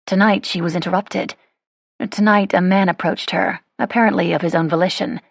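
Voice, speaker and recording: A woman narrating a romance audiobook in a measured, wry storytelling manner. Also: fairly low pitch, creaky, slightly rough, no echo, studio quality. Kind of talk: scripted narration.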